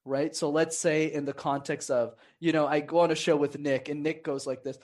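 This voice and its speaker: A man with a fairly high voice talks on a podcast as a guest, coaching on conversation. He speaks casually and lively, slipping into the voices of people he quotes. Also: fairly quick. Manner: animated, acts out quoted voices.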